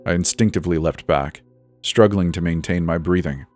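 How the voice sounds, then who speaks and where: A man reading a first-person horror story in a measured, suspenseful scripted narration. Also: sits low. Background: soft background music.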